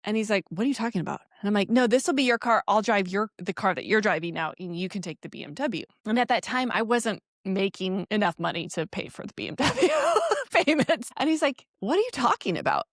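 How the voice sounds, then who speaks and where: A woman's voice: mid-range voice, brisk, few pauses, no room sound, studio quality. A woman in her forties, a podcast co-host, telling a personal story in casual chat, laughing often and acting out the voices in it. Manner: animated storytelling, laughs often, acts out quoted dialogue.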